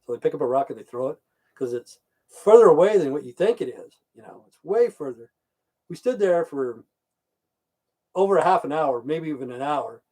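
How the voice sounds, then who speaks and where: In this rambling, casual livestream chat, a middle-aged man tells stories, swears all the time and calls out chat viewers by name. His voice is slightly high, expressive and dark, at a moderate pace.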